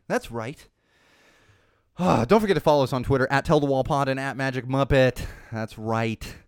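A man hosting a podcast alone, ranting about the news in a profane, indignant way that swings between low asides and loud outbursts. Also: normal speed, smooth, no room sound, clean studio sound. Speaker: podcast host. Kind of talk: solo podcast rant. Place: small studio.

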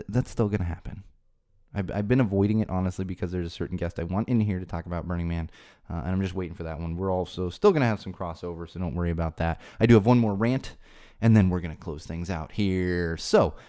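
Podcast host, man in his thirties, low mellow voice, rambling exasperated rant. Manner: rambling, exasperated, repeats himself. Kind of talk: casual ranting monologue.

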